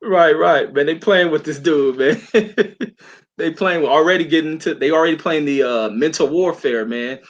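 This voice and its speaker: A man's voice: on the high side, normal speed, highs cut off. A man talking boxing as a guest in casual chat, laid-back, often tagging sentences with "man". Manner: laid-back, repeats "man", restarts phrases.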